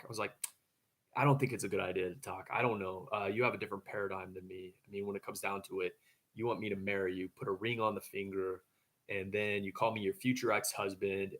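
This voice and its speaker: A man's voice: fairly low pitch, fairly bright tone. A man casually telling a story to camera, rambling, with frequent stammering restarts.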